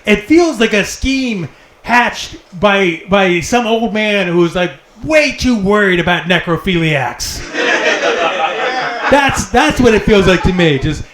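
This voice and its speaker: Brief: man, stand-up comic, wry and quick, roomy echo. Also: sits high, animated, fairly bright tone. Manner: quick, wry, swearing delivery. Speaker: stand-up comedian. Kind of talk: stand-up routine. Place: comedy club stage. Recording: echoey club room with noise.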